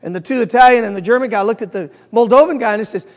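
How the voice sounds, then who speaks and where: A middle-aged man leading a Bible study, chatty and animated, questioning his audience and telling jokes. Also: high voice, racing, long reverb tail. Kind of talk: conversational teaching with jokes.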